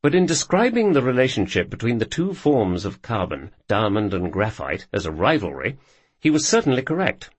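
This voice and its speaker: A man narrating a nonfiction audiobook in a measured, wry storytelling manner. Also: on the low side, very animated, slightly rough, no room sound.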